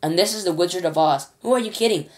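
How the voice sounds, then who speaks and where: A woman's voice: lowish voice, fast talker, a little mellow, natural voice. Woman as brash astronaut, slangy, cheeky storybook voice. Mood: cocky. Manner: cocky, casual slang, talking back. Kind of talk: children's storybook reading.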